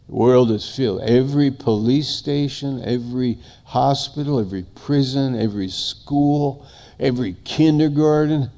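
A man's voice: medium pitch, unhurried, warm tone. An older man preaching a sermon, emphatic and given to repeating phrases in long lists.

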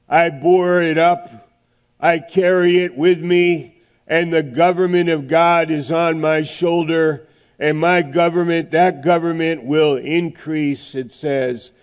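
This sermon comes from a middle-aged man whose voice sits on the high side with a clean tone. He preaches emphatically, pausing for drama and moving between loud and hushed delivery.

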